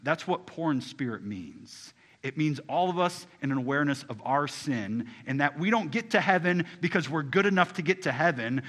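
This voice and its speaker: A man preaching a sermon in casual everyday phrasing, talking straight to the congregation and swinging from hushed, low lines to loud, rising ones. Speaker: pastor.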